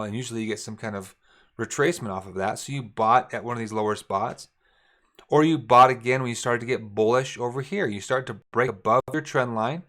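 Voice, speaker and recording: A man's voice: mid-range voice, a little fast, fairly bright tone. A middle-aged man giving a casual, repetitive trading lesson while drawing on charts. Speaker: trading instructor. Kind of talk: screen-share trading lesson.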